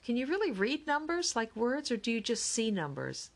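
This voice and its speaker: A woman's voice: fairly high pitch, sing-song, moderate pace, voice pushed up. A woman reading an audiobook, voicing a small, stubborn young boy who gives blunt, short answers.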